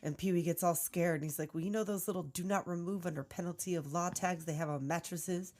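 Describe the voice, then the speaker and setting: A woman's voice: lowish voice, steady tone, brisk, darkish tone. A woman co-hosting a podcast in casual chat, joking and acting out movie lines as she retells a film. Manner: playful, jokey, acts out movie lines. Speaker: podcast co-host.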